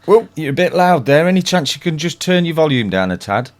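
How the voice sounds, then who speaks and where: A man's voice: on the high side, big pitch swings, brisk. A man hosting a casual chat show, laid back, bringing guests onto a call. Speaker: host.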